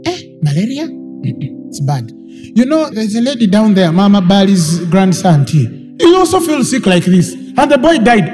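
A man's voice: high voice, very animated, a little slow, a little mellow, in a large hall, faint music behind. A man voicing a gossipy old neighbor woman who keeps bringing grim news of the sick.

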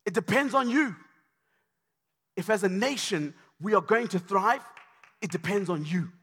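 A man preaching a sermon, passionate and repetitive, building to shouts. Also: high-pitched, expressive, unhurried, breathy edge. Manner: impassioned, repetitive, rising to shouts. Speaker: pastor.

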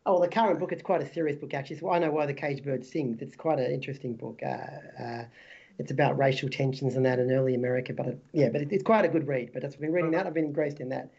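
A man's voice: medium pitch, steady tone, fast, a little mellow, breathy edge. A man appearing as a podcast guest, chatting casually, laughing often and restarting his sentences. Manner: laughs often, says mate, loose restarts. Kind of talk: casual chat. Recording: dull lo-fi audio.

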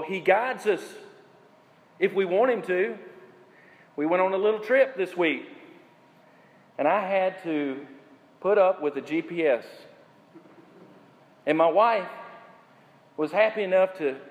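A male pastor delivering a sermon, preaching in slow, emphatic phrases and putting questions to the congregation. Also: high-pitched, big-room sound.

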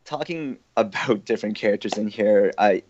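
A man's voice: lowish voice, normal speed, darkish tone, a little hiss or hum. A man hosting a casual group discussion, chatty and laughing often as he leads the talk. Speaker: podcast host. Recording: dull, dry lo-fi audio.

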